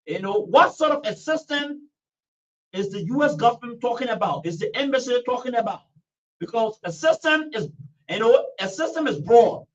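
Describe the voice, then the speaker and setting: A man's voice: very high voice, lively intonation, normal speed. A man hosting a call-in political talk show, speaking emphatically, repeating himself and filling with "you know". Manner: emphatic, repetitive, heavy use of "you know". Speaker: radio talk show host. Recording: dull, distant radio studio recording.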